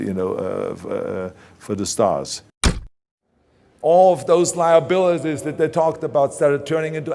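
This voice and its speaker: A man with a German accent giving an emphatic motivational talk, driving his points home with repeated phrases. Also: fairly low pitch. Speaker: motivational speaker. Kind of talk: motivational speech and interview clips.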